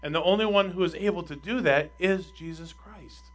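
A man preaching a sermon as pastor, emphatic and asking his congregation rhetorical questions, with his voice swinging between loud and quiet. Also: sits high, moderate pace.

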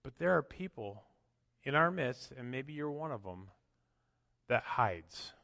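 A man preaching a sermon as pastor, swinging from loud emphatic lines to quiet asides. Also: mid-range voice, lively intonation, a little slow, gravelly. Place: church. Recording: long church hall reverb.

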